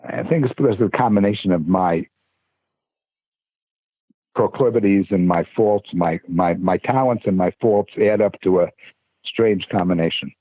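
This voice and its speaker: A man's voice: sits low, moderate pace, long pauses, no echo. An older man, a podcast guest, telling stories casually in a rambling way, stammering and restarting his sentences. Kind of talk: casual storytelling. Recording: husky voice over tinny phone-like line.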